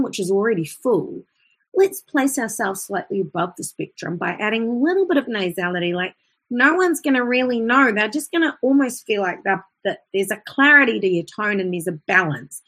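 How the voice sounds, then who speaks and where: A woman's voice: fairly high pitch, animated, normal speed, a bit bright. A woman with an Australian accent teaching a live online singing lesson, chatty and breaking into short vocal demonstrations as she explains. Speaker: voice coach.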